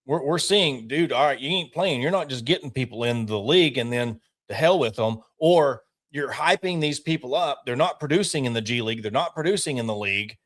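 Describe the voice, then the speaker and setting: Fired-up man talking college hoops. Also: medium pitch. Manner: animated and opinionated, quick bursts. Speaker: podcast co-host. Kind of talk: casual sports chat.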